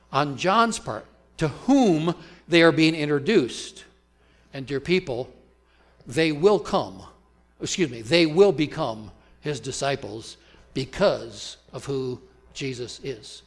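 A man preaching from the pulpit with a voice pitched a little high. He talks earnestly, leans on key phrases by slowing down, and puts questions to the congregation as he explains a passage. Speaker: pastor. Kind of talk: expository sermon.

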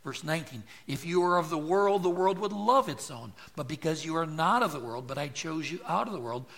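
A man preaching to a church congregation, explaining scripture with rhetorical questions and lively quoted lines. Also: a little high, a little fast, vocal fry. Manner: expository preaching, rhetorical questions, voice jumps when quoting. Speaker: pastor. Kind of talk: sermon.

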